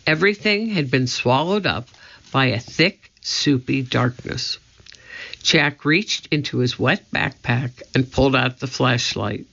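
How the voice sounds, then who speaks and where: A woman reads a children's storybook aloud at a slow, measured pace. Her voice is bright and sharp, with a gravelly edge. The recording sounds slightly dull and lo-fi. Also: a bass voice. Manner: measured and deliberate. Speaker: audiobook reader.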